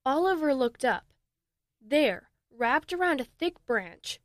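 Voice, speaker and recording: High-voiced woman reading a story. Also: very animated, slow, no echo, clean studio sound. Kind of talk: scripted storybook narration.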